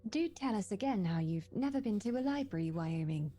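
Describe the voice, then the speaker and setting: Dry, deadpan woman player. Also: mid-range voice, fairly quick, faint music behind. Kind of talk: in-character role-play.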